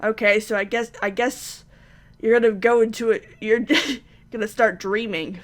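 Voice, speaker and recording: A woman's voice: a little high, fairly even intonation, moderate pace. A young woman playing a story game, reading it aloud and making chatty, self-mocking comments. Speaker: gamer.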